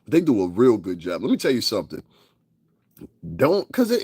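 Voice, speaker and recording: A man's voice: lowish voice, huge pitch swings, fairly quick, pauses often, a little mellow, breathy edge, no room sound. A man giving a profane, casual rant, laughing and mocking people with impressions. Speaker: commentary vlogger.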